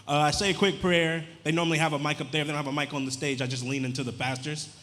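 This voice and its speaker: Male stand-up comic, rambling deadpan delivery, live club room with long reverb. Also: on the high side, rapid-fire. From Louisiana. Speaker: stand-up comedian. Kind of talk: stand-up comedy set. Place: comedy club stage. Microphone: handheld stage mic.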